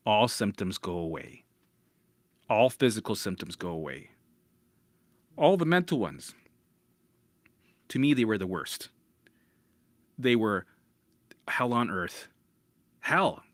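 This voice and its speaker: A man's voice: fairly low pitch, big pitch swings, takes it slowly, pauses often. A man coaching listeners through anxiety in a loose, casual talk. He swears easily and slips into panicky voices. The sound is dry and close, with no room echo.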